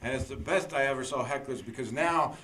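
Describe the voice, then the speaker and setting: A man guesting as a comedian, trading road stories in a relaxed talk. His voice is bright and forceful at a middling pitch. He tells his tales with animation and frequent laughter. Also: a little fast. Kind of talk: casual storytelling chat.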